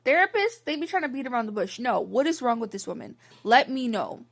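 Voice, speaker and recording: Gravelly young woman rambling frankly. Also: on the high side, sing-song, fairly quick. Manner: rambling, heavy use of "like" fillers; frank and exasperated. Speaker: vlogger. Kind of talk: candid storytime monologue.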